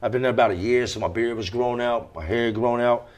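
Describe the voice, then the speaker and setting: A man speaking as a guest on a podcast, with a voice of ordinary middle pitch. He tells his story candidly and forcefully, repeats his key phrases for weight and swears freely. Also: brisk.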